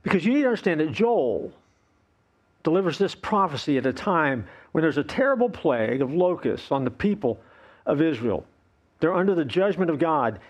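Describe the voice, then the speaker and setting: A male pastor preaching a playful, animated sermon, acting out the voices of complaining people. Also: fairly high pitch, normal speed.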